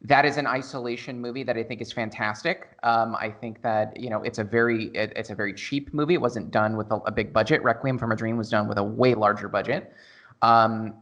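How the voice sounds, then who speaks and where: A man's voice: fairly low pitch, steady tone, brisk, fairly bright tone, muffled recording. A man on a film podcast panel, casually debating movies with self-deprecating jokes.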